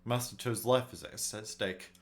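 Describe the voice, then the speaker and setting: A man hosting a let's play, musing aloud and reading game text in a low-key way. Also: fairly even intonation, moderate pace. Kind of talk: casual game playthrough commentary.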